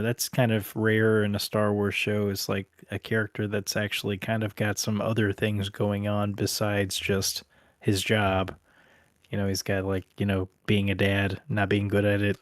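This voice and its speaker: A man's voice: lowish voice, fairly even intonation, moderate pace, no echo, studio quality. A man co-hosting a casual podcast chat in a laid-back, wry way. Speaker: podcast co-host.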